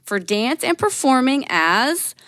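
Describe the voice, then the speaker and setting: A woman's voice: sits high, very animated, slow, a bit bright, no room sound, clean studio sound. A woman podcast co-host reading a formal, proud introduction of a guest.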